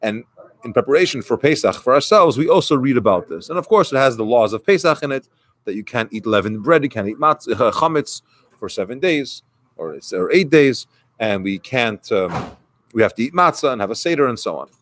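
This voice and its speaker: A man's voice: mid-range voice, expressive, fairly quick, a bit bright. A man who is a rabbi, giving a conversational sermon and retelling a story with quoted dialogue.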